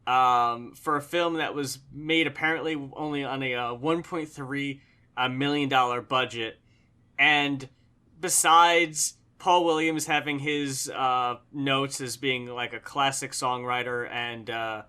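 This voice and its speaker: Bright, enthusiastic film-chat voice. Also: medium pitch, steady tone, unhurried, smooth. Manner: enthusiastic, swears casually, rambling. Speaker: co-host of a movie review show. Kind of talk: casual chat.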